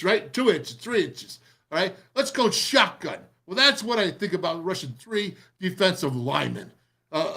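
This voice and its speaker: Middle-aged guy with a highish voice hyped up going over game tape, kinda rambly. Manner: excitable, rambling, pumped up. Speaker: radio show host breaking down game film. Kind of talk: film breakdown commentary.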